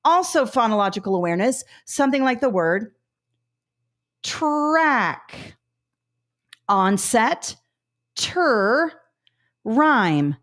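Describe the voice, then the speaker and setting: A middle-aged woman with a medium-pitched voice runs a live test-prep webinar, working through examples aloud in an upbeat, coaching manner.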